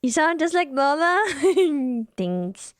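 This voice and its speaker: Slow, giggly young woman streamer. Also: high voice, sing-song, dry recording, clean studio sound. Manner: giggly, tender, swears casually. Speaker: VTuber streamer. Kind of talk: casual stream chat.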